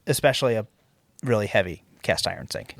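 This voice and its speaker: A young man co-hosting a podcast, telling a story in casual chat, animated and swearing as he acts out quotes. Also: on the low side, brisk, creaky. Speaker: podcast co-host.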